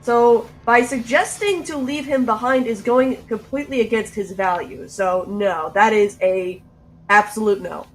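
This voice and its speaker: A woman's voice: fairly high pitch, measured pace, low-quality recording. A woman player in casual chat, firmly explaining her character's values.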